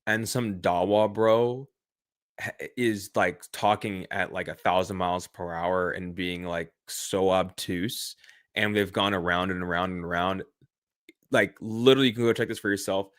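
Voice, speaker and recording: A man co-hosting a casual reaction chat, animated and laughing as he talks. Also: deep voice, normal speed, no echo, studio quality. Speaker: co-host.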